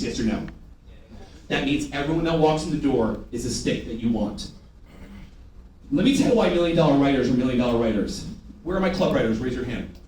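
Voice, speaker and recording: A man giving a lively sales training to a live audience, prompting them to repeat after him and teasing them. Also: mid-range voice, slight background noise. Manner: energetic, call-and-response with the audience; teasing, loud bursts. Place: large training room before an audience. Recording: echoey room recorded from far off.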